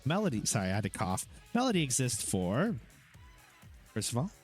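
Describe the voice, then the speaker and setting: A man's voice: medium pitch, wildly swooping pitch, normal speed, breathy edge, soft background music. A man casually introducing his streaming channel, rambling with fillers and self-deprecating asides. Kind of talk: casual talking-head explainer.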